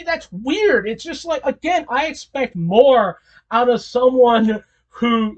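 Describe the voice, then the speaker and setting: A man delivers a casual commentary monologue in an animated, incredulous way. He rambles, restarts his sentences and repeats his questions as he talks. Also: extremely high pitch, dull audio. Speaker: video creator.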